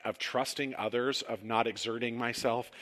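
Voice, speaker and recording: A man preaching a conversational sermon in a church sanctuary, telling personal stories with relaxed, self-deprecating humor. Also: medium pitch, normal speed. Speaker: pastor. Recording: long hall reverb.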